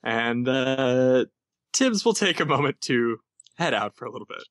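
A man playing in a tabletop game over voice chat, pausing often with ums and uhs. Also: medium pitch, expressive, a bit bright, dry recording. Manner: hesitant, many ums and uhs. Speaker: player.

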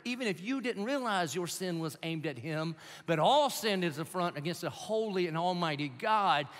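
A man preaching a live sermon, with a bright, forceful voice that sits a little high for a man. He moves between low, chatty asides and loud, punchy declarations. The sound carries a long reverb from a large church hall. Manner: conversational preaching with dramatic swings from low asides to loud emphatic bursts. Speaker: pastor.

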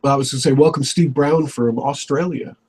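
A man's voice: mid-range voice, fairly even intonation, brisk, a little mellow, breathy edge. A man reading viewer comments aloud on a livestream, playful and casual. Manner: reads out chat messages, playful. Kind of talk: casual chat.

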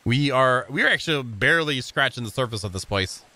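A man's voice: mid-range voice, lively intonation, fairly quick, bright, forceful tone. A young man playing a game with a friend, chatting casually, often stumbling and restarting his sentences. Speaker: co-player. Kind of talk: casual gameplay chat.

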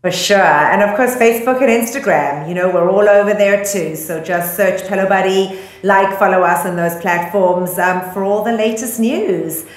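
A woman's voice: medium pitch, normal speed, roomy sound. A woman with a South African accent co-hosting a casual news podcast, chatty and full of ums, laughing easily. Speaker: podcast co-host.

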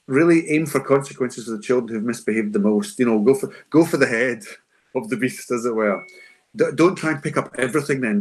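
Emphatic man giving advice. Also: mid-range voice. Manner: emphatic and conversational, acting out classroom lines. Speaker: school behaviour adviser answering teachers' questions. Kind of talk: unscripted Q&A advice for teachers.

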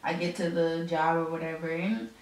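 A woman's voice: on the low side, fairly even intonation, normal speed, recorded from a distance. A young woman chats as an interview guest, easygoing and full of fillers and restarts. She sits well back from the mic, and her voice rings around a very echoey room. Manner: chatty, many fillers and restarts. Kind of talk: casual conversational interview.

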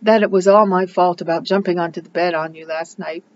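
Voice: mid-range voice, steady tone, brisk, muffled recording, a little hiss or hum, lightly acted. A reader voicing an impulsive, dramatic orphan girl who pleads earnestly in a storybook. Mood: pleading. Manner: earnest and pleading, breathless outpourings.

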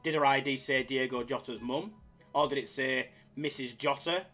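A man's voice: medium pitch, normal speed, bright, forceful tone, soft background music. A man streaming slots live, bantering with chat in a jokey, hyped-up way. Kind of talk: casual live-stream chatter.

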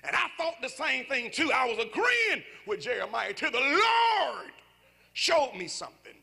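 Male preacher, high and lively, shouts passages with fire, gravelly and cutting tone. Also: a little slow. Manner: impassioned preaching, often shouting; talks to congregation directly, conversational asides. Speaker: pastor. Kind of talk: sermon. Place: church service.

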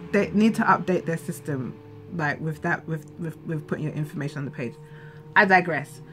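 A woman's voice: low-pitched, brisk, over music. Frustrated woman venting. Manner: rambling, frustrated, full of restarts. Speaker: vlogger. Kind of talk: candid personal vlog.

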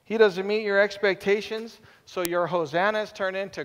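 Male pastor, sermon, high voice, animated, hushed-to-loud swings, long church reverb. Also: normal speed, smooth. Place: church sanctuary.

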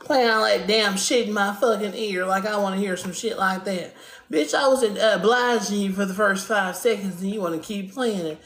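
A woman's voice: medium pitch, normal speed, echoey room. Woman ranting profanely on a live stream. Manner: profane, insulting, dramatic rant. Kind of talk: comedic ranting livestream.

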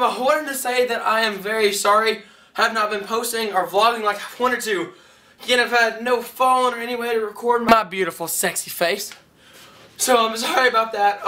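A young man giving a rambling, excitable vlog update, heard through a camera mic a little way off. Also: sits high, recorded from a distance. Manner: rambling, excitable, self-correcting. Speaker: vlogger.

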